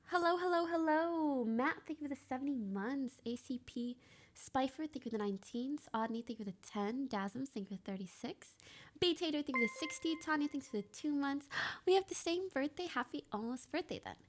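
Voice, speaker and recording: A woman streaming live, chatting casually with her viewers in a bubbly, talkative way and sometimes dropping to a soft whisper to herself. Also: high voice, animated, fairly quick.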